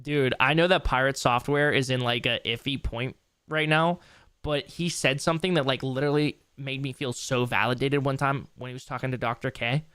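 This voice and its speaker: A man's voice: mid-range voice, fairly even intonation, normal speed, sharp tone, clean tone, no room sound. A young man streaming late into a long session, rambling casually in a loose, tired way and swearing now and then. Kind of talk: casual live-stream commentary.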